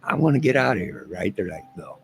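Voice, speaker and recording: A man's voice: on the low side, sing-song, fast, gravelly, over music, rough recording. An older man hosting his own channel, talking in a loose, joking, rambling way and chuckling as he goes. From United States. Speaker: channel host. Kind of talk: casual rambling monologue.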